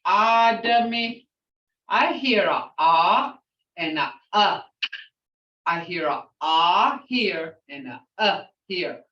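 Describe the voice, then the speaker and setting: An older woman, a language teacher, slowly repeating words so her class can hear how they are pronounced, and talking in an outspoken way. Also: deep voice, fairly bright tone. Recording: roomy, distant, dull lo-fi sound.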